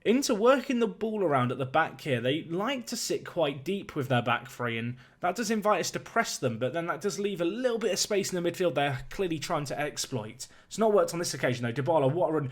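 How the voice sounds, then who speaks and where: A young man giving lively play-by-play commentary on a football management video game, climbing in excitement on big chances. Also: a little high, brisk, hardly any pauses.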